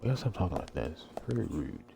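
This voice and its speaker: A man's voice: sits low, big pitch swings, fast, creaky, heavy background noise. A man giving casual let's-play commentary, rambling and crude, swearing a lot. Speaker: gameplay commentator. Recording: game music behind voice.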